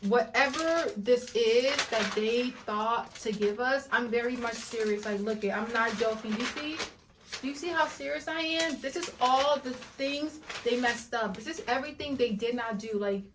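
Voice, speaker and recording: A woman's voice: a little high, moderate pace, hardly any pauses, noisy background. A woman with a slightly raised voice, talking as a video reviewer. She rants in a dramatic, emphatic way and hammers her points by saying them again and again. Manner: dramatic, emphatic, repeats herself for effect. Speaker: YouTube reviewer. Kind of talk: animated rant and review.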